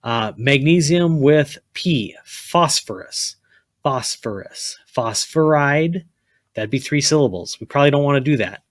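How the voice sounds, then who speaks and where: A man's voice: medium pitch, animated, moderate pace, dry recording, studio quality. Blunt man teaching chemistry. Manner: blunt, repeats okay, prods students to write. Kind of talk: classroom lecture.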